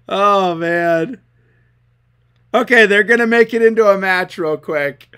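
A man's voice: sits high, takes it slowly, long pauses, pushed and bright, clean tone. Giggly man commentating card duels. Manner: giggly, keeps breaking into laughter; amused, chatty, talks to viewers as folks. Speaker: host commentating online card game duels. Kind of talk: casual live commentary.

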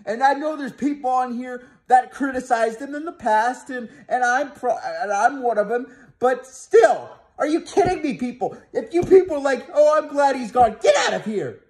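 High-voiced man in an angry rant. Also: animated, moderate pace, hardly any pauses, darkish tone. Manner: heated, profane, ranting with restarts. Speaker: sports fan vlogger. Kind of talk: angry fan rant to camera.

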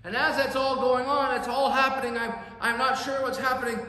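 High-voiced pastor preaching in echoing church. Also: male voice, little pitch movement, a little fast, bright, forceful tone. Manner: earnest, emphatic storytelling with sound words. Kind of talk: sermon storytelling. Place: church sanctuary. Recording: echoey church hall reverb.

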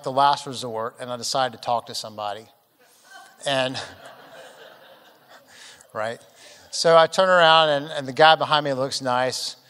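Man, pastor, humorous sermon storytelling, animated, slightly high pitch, long hall reverb. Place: large church auditorium.

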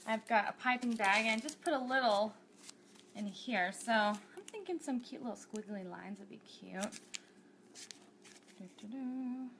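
A woman's voice: on the high side, moderate pace, vocal fry, fairly bright tone, slight background noise. A woman hosting a cake decorating tutorial livestream, bubbly and chatty, thinking aloud as she works.

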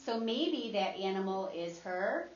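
A woman teacher leading a guided reading lesson with young children, encouraging and patient, modeling expressive reading aloud. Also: medium pitch, unhurried. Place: classroom. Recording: echoey, dull classroom recording.

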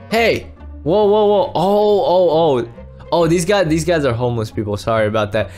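A man hosting a casual game roleplay as a dad, excitable and rambling, full of exclamations. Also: fairly high pitch, normal speed, soft background music. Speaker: roleplay host playing a dad.

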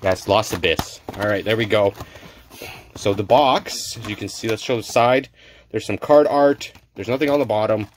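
A man hosts a casual card-unboxing video, talking in an easygoing, slightly lower voice. He rambles cheerfully and trips over tricky names. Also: moderate pace, a little hiss or hum. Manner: chatty, stumbles over names. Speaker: card-opening channel host.

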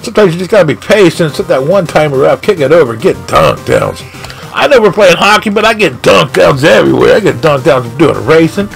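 Excitable gravelly man yelling at a game. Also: fairly high pitch, brisk, faint music behind. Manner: excitable, shouts at the game, lots of exclamations. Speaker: gaming channel host. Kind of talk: live gameplay commentary.

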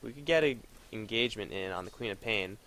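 A man's voice: lowish voice, lively intonation, fast talker, a bit bright, a little hiss or hum. A man giving profane, frustrated running commentary on his own video game match, muttering and then bursting out. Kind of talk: live gameplay commentary.

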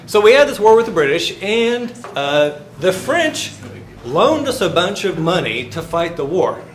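A male finance lecturer addresses his class in a fairly high voice, spinning loose, humorous history stories and stopping to ask the students questions. He sounds like he is in a reverberant classroom, with a faint hiss under the recording. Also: sing-song, a little slow. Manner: joking, storytelling, asks the class questions. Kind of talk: university lecture.

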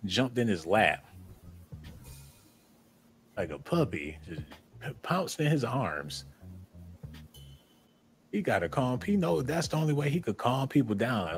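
A man's voice: medium pitch, very animated, a little slow, long pauses, soft background music. A man hosting casual reaction commentary, telling stories in a joking, playful way. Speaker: commentary host.

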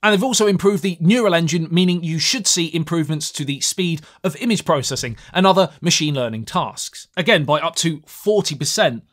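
A man's voice: on the high side, fairly quick, few pauses, a bit bright. A young man giving a chatty, self-mocking tech review to camera, with jokey asides.

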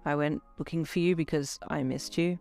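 A reader voicing a tired, withdrawn young man who talks in a low, deadpan way. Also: moderate pace, vocal fry, soft background music, lightly acted.

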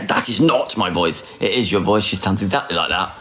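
A man's voice: low voice, lively intonation, normal speed, bright, forceful tone, faint music behind. A man in his forties hosting a casual phone livestream, teasing, flirty and sarcastic, and often mocking himself. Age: 40s. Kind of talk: casual live chat.

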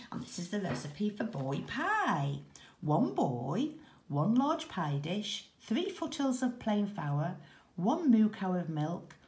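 A woman teacher reading a children's story aloud in a slow, expressive, rhythmic way. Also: fairly low pitch. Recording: echoey room.

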